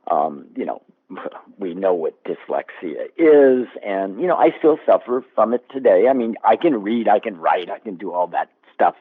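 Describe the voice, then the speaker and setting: A man in his seventies, a guest actor, telling stories in an animated, casual interview chat. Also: on the low side. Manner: animated storyteller. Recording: tinny phone-like line.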